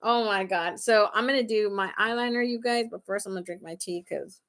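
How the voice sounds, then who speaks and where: A beauty vlogger runs a live makeup tutorial, her mid-range voice fairly bright and a little fast. She chats casually, laughs often, and talks straight to her viewers with frequent "right?" and "okay?"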